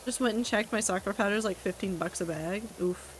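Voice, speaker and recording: A woman's voice: medium pitch, a little fast, a little hiss or hum, poor audio. A woman streaming a game, chatting casually with her chat in a wry, talkative way and swearing now and then. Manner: chatty, wry, reacting to chat with asides and profanity.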